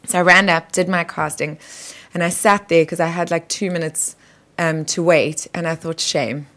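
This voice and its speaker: A woman hosting a radio show, chatting casually and telling animated stories. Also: on the low side, normal speed. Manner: animated storyteller, acts out quoted voices. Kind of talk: casual conversational interview.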